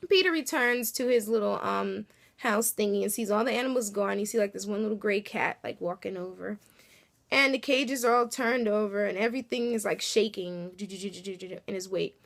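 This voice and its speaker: A woman's voice: mid-range voice, normal speed, vocal fry, a bit bright. A woman casually recapping a TV episode, chatty and full of fillers, acting out little reactions as she goes. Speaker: TV episode reviewer.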